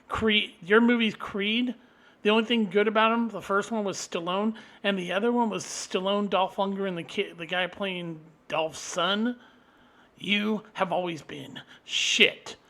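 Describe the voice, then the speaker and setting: High, sharp-voiced man ranting hard. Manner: profane, combative, swings into loud outbursts. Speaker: vlogger. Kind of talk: angry solo rant to camera.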